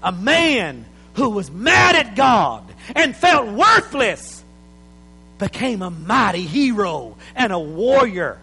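High, animated preacher shouting in a hall. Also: male voice, slow, husky. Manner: impassioned, building to shouts. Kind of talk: sermon. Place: church.

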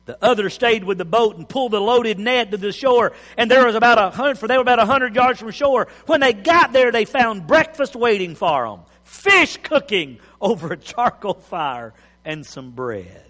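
A man's voice: very high-pitched, fairly bright tone, in a large hall. A male pastor preaching a sermon, telling the story with acted-out voices and chuckles. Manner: storytelling, acts out scenes, chuckles.

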